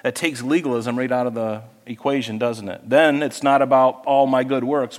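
A man's voice: medium pitch, steady tone, normal speed, hardly any pauses, in a large hall. A male pastor preaching a sermon in a conversational way, asking the congregation questions and acting out little voices.

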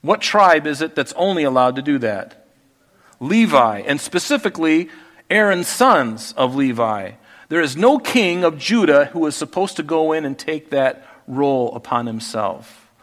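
Guy preaching thru a bible chapter, bit higher voice, gets loud then drops low. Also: unhurried. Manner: animated, swings between loud emphasis and quiet asides. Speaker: pastor. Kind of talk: expository Bible teaching.

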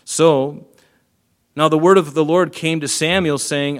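A man's voice: medium pitch, flat delivery, normal speed, clear, resonant tone. Man, pastor, casual storytelling sermon with asides, shifting volume.

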